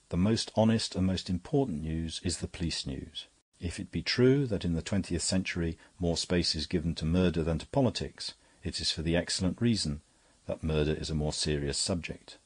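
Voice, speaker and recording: A man narrating a classic detective novel as an audiobook, in a steady, even storytelling delivery. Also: deep voice, husky, no echo.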